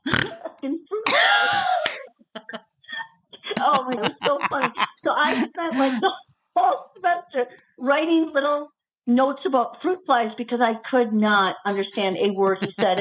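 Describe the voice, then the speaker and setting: A woman's voice: fairly high pitch, moderate pace, rough recording. A woman co-hosting a comedy podcast, telling school stories with giggles and exaggeration. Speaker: podcast co-host. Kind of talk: casual comedic storytelling.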